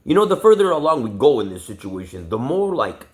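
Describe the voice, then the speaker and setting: A man's voice: mid-range voice, sing-song, brisk. A man vlogging an angry personal rant, profane and agitated, rambling with many fillers and restarts. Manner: profane, agitated, heavy swearing.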